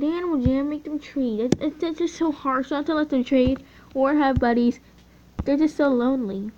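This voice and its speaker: A teenage girl chatting casually over gameplay, easily excited and often trailing off mid-sentence. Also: high-pitched, moderate pace, slight background noise. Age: teens. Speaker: gaming channel host. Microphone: phone mic. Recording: dull lo-fi phone audio.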